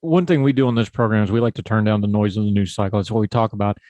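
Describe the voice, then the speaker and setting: A man's voice: on the low side, steady tone, very fast, darkish tone, dry recording. A man with a Southern US hillbilly accent hosting a podcast, talking politics in a folksy, conversational way. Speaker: podcast host. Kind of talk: casual political talk.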